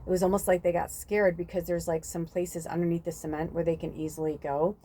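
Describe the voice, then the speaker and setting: A woman's voice: lowish voice, flat delivery, fairly quick, warm tone. A woman hosting a spiritual podcast, talking in a casual, rambling monologue full of fillers and the odd swear word.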